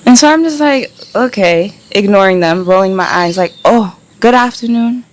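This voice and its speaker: A woman's voice: medium pitch, expressive, moderate pace, a little hiss or hum. A young woman telling a candid travel vlog story, blunt and exasperated, swearing freely and mimicking the men who catcalled her. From United States.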